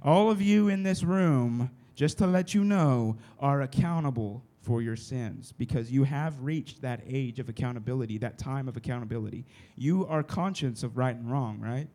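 Animated and mellow, this mid-range male voice moves at a moderate pace through a casual sermon for a youth group. Speaking conversationally to a room with a live audience, he keeps checking that listeners are following.

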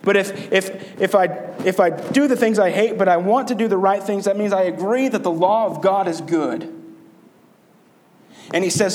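A man preaches with a slightly raised pitch, earnest and conversational as he talks with his congregation. He keeps asking rhetorical questions to draw his listeners in. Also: normal speed, a little mellow, slight background noise. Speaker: pastor. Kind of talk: sermon.

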